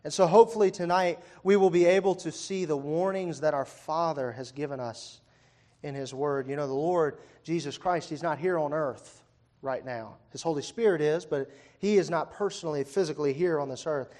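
A young man from Virginia preaches in a slightly higher register than most men. He talks to his congregation easily, throwing out questions and dry little jokes. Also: normal speed, dark tone. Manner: conversational, asks the congregation questions, wry asides. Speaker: pastor. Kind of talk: sermon. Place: church hall before a congregation.

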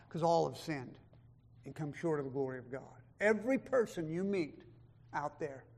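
A man with a fairly high-pitched voice preaches an emphatic sermon as a pastor, moving between loud declarations and hushed asides. He reads scripture aloud in old-style wording.

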